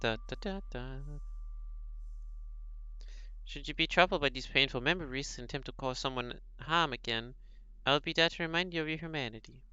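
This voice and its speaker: A man reading a visual novel aloud, voicing a gentle, calm, kind blind young woman in a soft, measured way. The sound is slightly dull and lo-fi. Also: mid-range voice, clear, resonant tone, dry recording.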